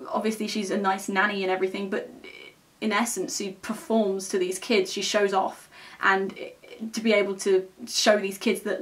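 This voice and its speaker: A woman's voice: mid-range voice, flat delivery, moderate pace, distant mic. A young woman reviewing a film in a casual, enthusiastic way, often ending her points with a questioning "okay?". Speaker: film vlogger.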